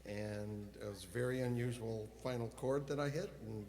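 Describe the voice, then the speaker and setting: A man's voice: lowish voice, normal speed, darkish tone, long reverb tail. A man who accompanied the song, chatting briefly about the performance. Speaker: musician accompanying the service.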